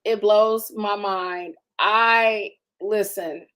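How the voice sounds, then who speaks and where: A woman in her forties hosting a faith conversation, emotional and testifying with emphatic warmth. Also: mid-range voice, fairly even intonation, very slow, smooth. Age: 40s. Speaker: podcast host.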